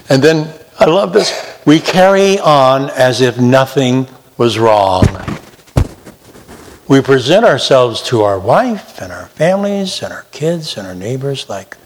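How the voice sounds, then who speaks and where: A man preaching a sermon with emphasis, slipping into mocking imitations of sinners. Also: a little high. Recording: long hall reverb.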